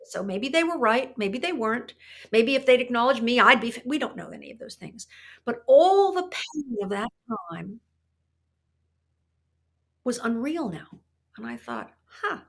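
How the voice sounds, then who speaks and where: Her voice sits a little high, gravelly and fairly bright. This older artist, a guest on a podcast, grows teary as she reflects on her life in conversational storytelling, frequently starting her sentences over with thoughtful emotion.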